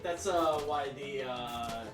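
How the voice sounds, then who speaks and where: A man's voice: mid-range voice, takes it slowly. A man chatting casually while playing a video game, rambling and laughing often. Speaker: let's play co-host. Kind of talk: casual gaming chat. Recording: roomy voice from a distance with game music.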